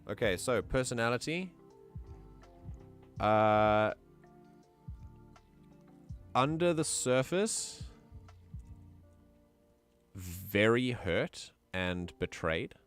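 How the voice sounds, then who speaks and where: A man's voice: fairly low pitch, animated, extremely slow, long pauses, fairly bright tone, clean tone, faint music behind. Easygoing man musing aloud on stream. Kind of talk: casual livestream chat.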